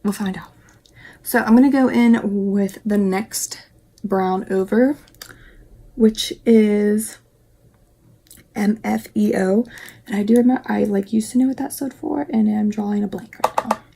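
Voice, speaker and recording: A young woman talks her way through a makeup tutorial, chatty and rambling, often muttering quiet asides to herself. Her voice is husky and a little gravelly, with a mellow, dark tone. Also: medium pitch, fairly even intonation, a little slow, long pauses. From West Virginia, US. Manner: chatty, rambling, self-talk asides, drops into whispers. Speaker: beauty vlogger. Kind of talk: casual makeup tutorial chat.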